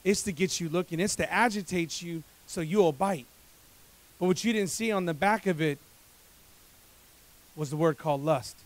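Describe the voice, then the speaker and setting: A man preaching as a pastor, moving from hushed, confiding passages to loud, climbing exhortations. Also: a little high, normal speed, pauses often. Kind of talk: sermon.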